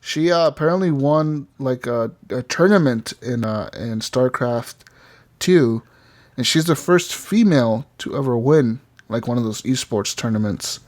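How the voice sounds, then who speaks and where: A man's voice: mid-range voice, unhurried, a little mellow. A man hosting a gaming podcast, chatting casually, rambling with frequent laughs and swearing. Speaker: podcast host.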